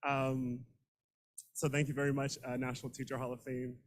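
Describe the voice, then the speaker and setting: A middle-aged man, a teacher, giving an unscripted, emotional acceptance speech into a handheld microphone, halting and repeating words. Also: mid-range voice, monotone, rough recording. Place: room full of students and colleagues.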